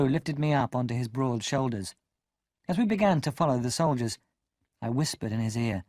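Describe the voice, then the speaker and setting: A man narrates an audiobook in an expressive, storytelling style, his mid-range voice moving at normal speed. The recording is studio quality with no room sound.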